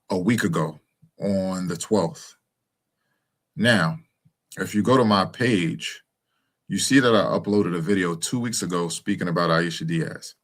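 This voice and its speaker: A man's voice: deep voice, fairly bright tone. A young man talking to his followers in a casual, rambling monologue, full of fillers and restarts. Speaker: commentator speaking to his followers.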